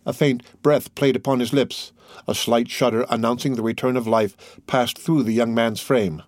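A man's voice: medium pitch, moderate pace, no room sound, studio quality. Man narrating a classic novel. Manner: steady, formal reading. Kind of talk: audiobook narration.

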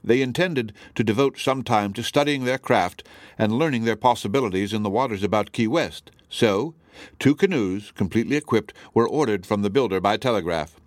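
Low-voiced man reading a story. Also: no room sound, clean studio sound. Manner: steady, measured reading. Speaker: audiobook narrator. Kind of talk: scripted narration.

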